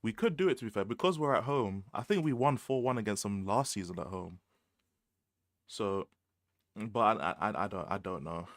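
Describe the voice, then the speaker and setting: A man's voice: fairly low pitch, lively intonation, moderate pace, no echo, clean studio sound. A young man with a London accent, chatting casually on a livestream, full of slang and repeated phrases, laughing often. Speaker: livestream host. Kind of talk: casual livestream chat about football.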